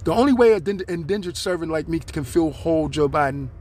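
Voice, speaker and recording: A man's voice: on the high side, animated, brisk, darkish tone. A man hosting his own podcast, speaking, in a rambling, aggrieved monologue aimed straight at his listeners. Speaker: podcast host.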